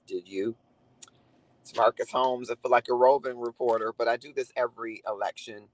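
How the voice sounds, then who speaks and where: A man's voice: mid-range voice, steady tone, moderate pace, rough recording. A man talking earnestly and reflectively to viewers on a live stream, greeting commenters by name. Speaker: livestream host. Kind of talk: casual live chat to viewers.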